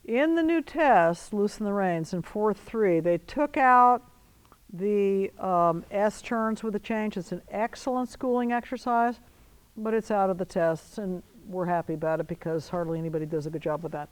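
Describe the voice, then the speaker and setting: In an arena, a woman riding instructor with a medium-pitched voice coaches a rider, mixing brisk commands with encouragement. The recording quality is low.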